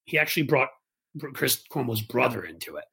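A man's voice: mid-range voice, big pitch swings, fairly quick, vocal fry, a bit bright, breathy edge. A man co-hosting a podcast, chatting casually and animatedly, mocking people in put-on voices. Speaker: podcast co-host. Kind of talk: casual political chat.

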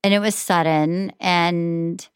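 A woman's voice: lowish voice, fairly even intonation, slow pace, smooth, no room sound, studio quality. A woman author chatting as a guest, rambling and swearing freely, calling people "dude". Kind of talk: casual chat.

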